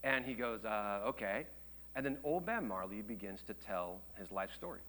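A man preaching a sermon, telling a story with lively shifts between loud excited quotes and hushed quiet passages. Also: normal speed. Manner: animated storytelling, acts out quotes with jumps in pitch and volume; drops to a hushed, low voice for tender moments. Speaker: pastor.

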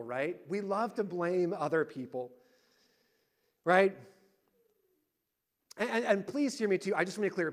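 A middle-aged man preaching a sermon, telling lively family stories and acting out the voices in them. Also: high-pitched. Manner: animated storyteller, acting out family arguments loudly. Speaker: pastor.

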